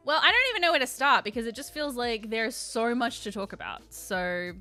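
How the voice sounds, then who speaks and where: Chatty woman with a lively, bright voice. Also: a little high. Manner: chatty, thinks aloud, often unsure. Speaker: livestream host. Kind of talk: casual livestream chat.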